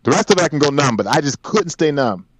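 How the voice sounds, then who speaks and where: A man in his forties with a higher-than-average voice talks quickly and with lively intonation as a podcast guest. His personal story comes across earnest and emphatic, full of repeated phrases. The recording has no echo and sounds dry, dull and lo-fi.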